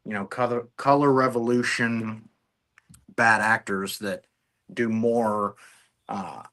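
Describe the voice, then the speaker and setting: Crude, low-voiced man guest, bright tone. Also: steady tone, slow. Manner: crude, laughing, conversational. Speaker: guest investigator. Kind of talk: casual interview chat.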